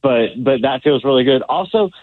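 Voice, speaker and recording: A man's voice: medium pitch, lively intonation, no room sound. Caller, a man in his forties, cheerful and stop-start, heard over a phone line. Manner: upbeat, laughing, halting. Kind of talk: phone call-in chat.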